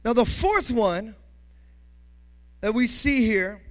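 A male pastor preaching a sermon emphatically, building to shouts and calling for responses from the congregation. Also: very high-pitched, expressive, takes it slowly.

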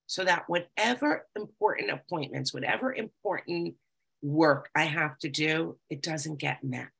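A woman's voice: on the low side, vocal fry, sharp tone, slightly rough, rough recording. A middle-aged woman giving an earnest, confessional talk about recovery, reading passages aloud and reflecting on them. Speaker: speaker sharing recovery experience.

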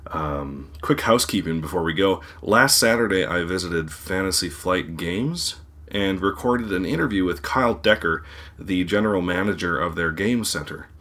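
Sick, deep-voiced man hosting a podcast. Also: fairly bright tone. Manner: earnest and rambling. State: sick, congested voice. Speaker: podcast host. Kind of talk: casual podcast sign-off.

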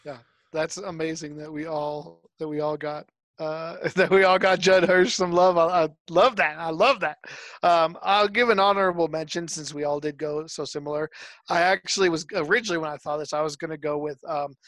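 A man's voice: a little high, fairly even intonation, a little fast, a bit bright, no room sound. A man hosting a casual chat, talking with many stumbling restarts and acting out film quotes as he goes. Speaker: podcast host.

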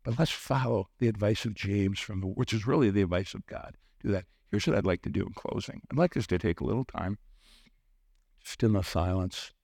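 A middle-aged man delivers a sermon in a lowish, steady voice, recorded close and dry. He carries the message through personal stories, lifting his voice sharply whenever he acts out what someone said. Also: fairly quick, gravelly, slightly rough, no echo. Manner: storytelling, acts out quoted voices with sudden lifts. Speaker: preacher on a church teaching team.

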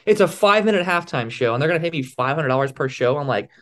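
A young man from the Philadelphia area telling stories as an interview guest, lively and acting out the other people's lines. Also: on the high side, fast. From Philadelphia area, USA. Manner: animated storyteller, acts out quoted dialogue. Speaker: guest, balancing performer. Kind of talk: casual storytelling interview.

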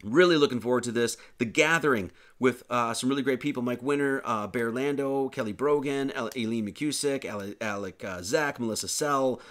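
A man's voice: mid-range voice, brisk, hardly any pauses, a bit bright. Man giving rambling, joking sermon announcements. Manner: rambling and joking, many fillers and restarts. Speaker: pastor and show host. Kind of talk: casual closing announcements of an online sermon.

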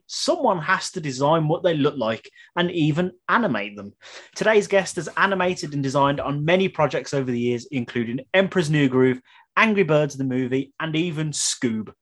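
A man's voice: on the high side, fairly bright tone. A man co-hosting a podcast, chatting with enthusiasm and reading a guest introduction earnestly. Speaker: podcast co-host. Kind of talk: casual podcast chat and scripted intro.

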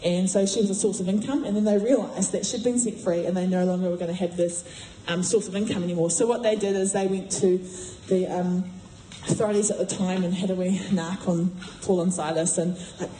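A woman giving a sermon in a chatty, animated way, acting out voices as she retells a story. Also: on the low side, a little fast, few pauses, a little hiss or hum. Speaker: preacher. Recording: echoey room.

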